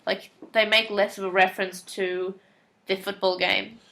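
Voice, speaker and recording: A woman's voice: mid-range voice, little pitch movement, moderate pace, sharp tone. A woman co-hosting a casual podcast, her voice sitting in an ordinary middle register. She talks through story events in a loose, chatty way, often slipping into the characters' quoted lines. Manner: chatty, recaps plot and acts out lines in quotes. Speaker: podcast co-host. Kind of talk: casual chat.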